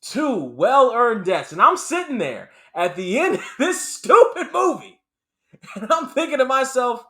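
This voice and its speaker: Brief: male reviewer, high and bright, swings hard in pitch, loves repeating lines for emphasis. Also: very animated, a little slow. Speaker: movie reviewer. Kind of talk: casual spoken movie review.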